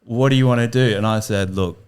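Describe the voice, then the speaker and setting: A man's voice: mid-range voice, fast talker, darkish tone, clean tone. A young man, a podcast guest, telling a self-deprecating story and laughing through it. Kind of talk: casual storytelling.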